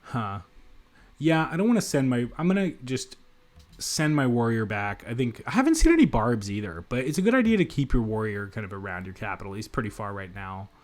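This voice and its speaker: Lively-voiced man thinking aloud over a game. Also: mid-range voice, brisk. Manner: thinks aloud, rambling, many fillers and restarts. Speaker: gamer. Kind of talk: let's play commentary. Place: apartment in a city.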